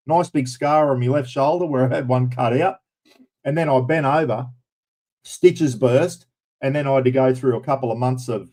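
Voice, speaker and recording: Australian bloke in his fifties, host of a casual live stream, rambling and matey, mid-pitched voice. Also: mellow. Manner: blokey, rambling, lots of "mate" and "bloody". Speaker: livestream host.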